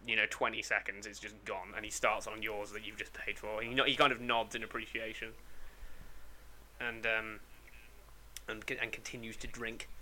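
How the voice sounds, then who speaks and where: A man's voice: lowish voice, level tone, moderate pace, sharp tone, a little hiss or hum. A man narrating as game master on a tabletop role-play podcast, laughing often and swearing casually.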